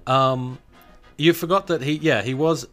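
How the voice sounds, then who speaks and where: A man co-hosting a podcast in casual chat, joking dryly and trailing off quietly at the ends of his sentences. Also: medium pitch, unhurried, soft background music. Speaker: podcast co-host.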